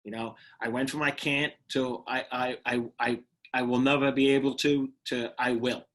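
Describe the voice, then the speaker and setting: A middle-aged New York man appears as a guest; he's a retired firefighter and motivational speaker who tells stories casually, laughs easily, and often restarts and repeats words. His mid-range voice has little pitch movement, a bit of brightness, and a normal speed.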